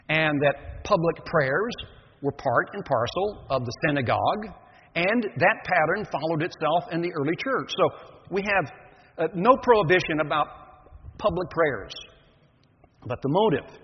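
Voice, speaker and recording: An older man preaching a sermon as pastor, reading scripture then explaining it in a measured, earnest way. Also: fairly high pitch, a little hiss or hum. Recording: echoey dull lo-fi hall recording.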